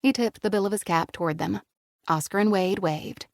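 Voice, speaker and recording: A woman reads an audiobook in a steady, even middle voice, recorded close and dry with no room around her. She narrates with scripted care and changes her voice for the characters. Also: mid-range voice, moderate pace, dry recording.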